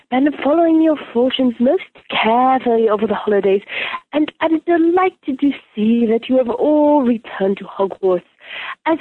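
A woman's voice: fairly high pitch, dry recording. Professor Trelawney, a woman doing a dreamy seer. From Missouri, USA. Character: dreamy, mystical female divination professor. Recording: tinny phone-like, dry.

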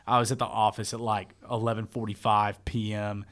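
A man's voice: on the low side, level tone, brisk, a bit bright. A man in his thirties who works in church media, telling a story in loose, rambling casual chat and calling his listener man and bro.

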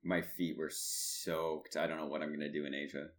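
Deep-voiced young male podcast co-host, casual, laughs a lot while telling stories. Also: moderate pace, a little hiss or hum. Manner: laughs often, animated storytelling. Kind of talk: casual chat.

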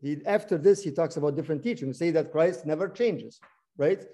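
Mellow man leading a Bible study. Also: a little high, brisk. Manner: repeats words, asks the group questions. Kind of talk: interactive scripture teaching.

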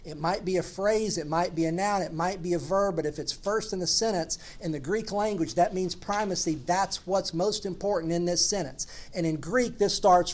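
A man's voice: sits high, moderate pace, few pauses. Earnest man preaching a sermon. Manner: earnest preaching with emphatic repetition. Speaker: pastor.

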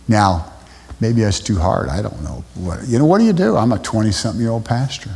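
A man preaching a sermon as a pastor, telling stories in a halting way with many restarts. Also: fairly low pitch, expressive, gravelly, warm tone, slightly rough. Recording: long reverb in a large hall.

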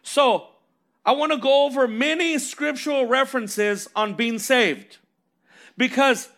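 A man preaches a sermon in a strikingly high voice. He walks through scripture verses, poses rhetorical questions, and keeps dropping in "amen" and "right?". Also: measured pace, a bit bright.

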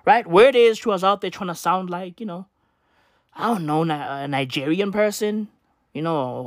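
A man's voice: high voice, normal speed, no echo, clean studio sound. Profane, slangy man ranting. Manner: profane, slangy, rambling with rhetorical "right?". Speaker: vlogger. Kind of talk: casual ranting monologue.

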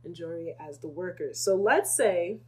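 A woman's voice: fairly low pitch, moderate pace, breathy edge. A young woman leading a casual Bible study, explaining scripture and acting out quotes with laughter. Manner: animated, acts out quotes with laughter.

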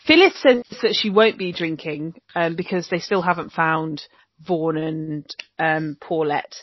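A woman's voice: low voice, unhurried, no room sound. Chatty woman, dull dry sound. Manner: chatty, swearing, many ums. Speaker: podcast co-host. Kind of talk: casual chat recapping a TV episode.

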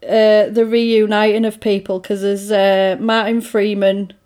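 A woman's voice: medium pitch, a little slow. A woman in casual chat, animatedly retelling a film plot and acting out the characters' lines. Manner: animated storyteller, acts out quotes.

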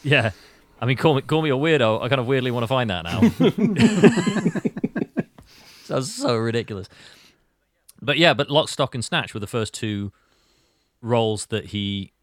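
Chatty animated male podcast host. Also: medium pitch, measured pace, long pauses, no echo, studio quality. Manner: animated, rambling, acts out quotes. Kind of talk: casual film discussion chat.

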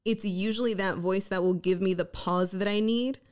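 A woman's voice: mid-range voice, steady tone, moderate pace. A young woman co-hosting a casual chat, blunt and playful, often laughing. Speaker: podcast co-host.

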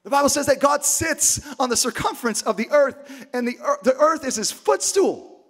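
A male pastor delivers a sermon in a notably high voice. He preaches emphatically, repeating key words, climbing to shouts and then sinking to a hush. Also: expressive, moderate pace. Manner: emphatic preaching with repetition, swings from loud shouts to hushed near-whispers.

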